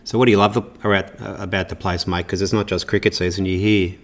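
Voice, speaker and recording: A fairly low-voiced man hosts a casual club interview. He asks questions in a friendly, matey way, calling his guest "mate". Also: flat delivery, fast, creaky.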